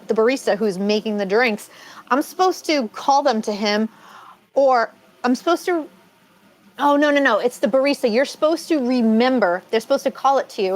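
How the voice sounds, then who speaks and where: Chatty woman host with a higher voice. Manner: rambling, self-correcting storyteller. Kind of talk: casual live-stream chat.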